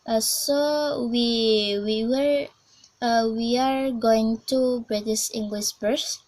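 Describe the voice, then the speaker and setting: Slow young woman drilling vowel keywords. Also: a little high, fairly even intonation, a little mellow, rough recording. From Indonesia. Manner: slow, repeats each keyword twice with pauses; simple non-native English with fillers. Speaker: student presenter. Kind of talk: classroom pronunciation drill.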